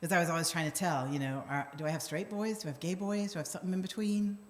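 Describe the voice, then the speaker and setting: A woman's voice: on the low side, fairly even intonation, very fast. Wry woman minister in a reverberant hall. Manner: wry, self-deprecating, acts out quotes. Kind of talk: conversational sermon storytelling. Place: church sanctuary. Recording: long church hall reverb.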